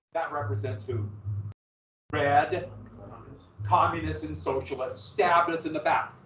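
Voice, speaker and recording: Man, history teacher, classroom lecture, lively and sarcastic, echoey room, faint background hum. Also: high voice. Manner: lively, sarcastic asides to students. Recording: echoey, distant, dull classroom recording.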